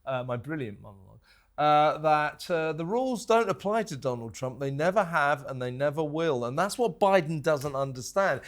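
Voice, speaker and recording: A man's voice: a little high, expressive, normal speed, fairly bright tone. A man hosting a comedic panel show, laughing often and mock-insulting one of his guests while reading viewer comments. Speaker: host. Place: TV studio.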